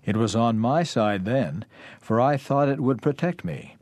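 A man's voice: mid-range voice, expressive, unhurried, darkish tone, no echo, natural voice. A man voicing a pleading male debtor facing prison, read out plainly and earnestly. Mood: regretful.

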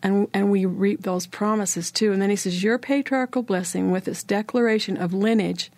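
A woman's voice: mid-range voice, fairly even intonation, moderate pace, a little mellow, dry recording. Enthusiastic woman church leader. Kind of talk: religious panel discussion.

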